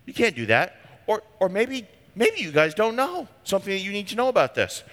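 A man's voice: high voice, sing-song, brisk, fairly bright tone, long reverb tail. A man preaching a sermon as a pastor, talking in an emphatic, conversational way.

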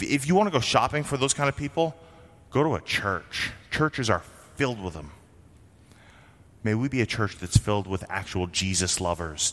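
A lower-pitched man from Vermont preaches to his congregation in an easy, conversational way. He keeps asking rhetorical questions and answering them himself. His voice trails off into the long reverb of a church hall. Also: a bit bright. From Vermont, USA. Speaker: pastor. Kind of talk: sermon.

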